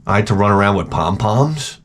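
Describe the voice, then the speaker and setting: A man's voice: lowish voice, expressive, fairly quick, slight background noise. A man hosting a show, rambling through crude comedic chat and trailing off into mumbled asides. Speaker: show host.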